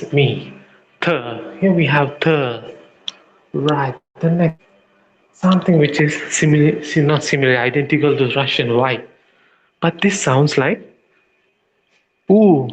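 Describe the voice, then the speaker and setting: Male teacher, slow and deliberate, repeats sounds for students, slightly high voice, faint background noise. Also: muffled recording. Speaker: language teacher. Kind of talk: slow classroom-style lesson.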